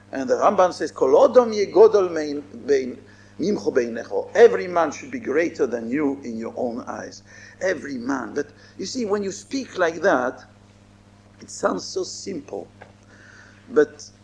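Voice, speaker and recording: A rabbi gives a Torah lecture in a slightly high, gravelly voice with a darkish tone. He speaks emphatically, repeats his phrases, and mixes in Hebrew and Yiddish terms.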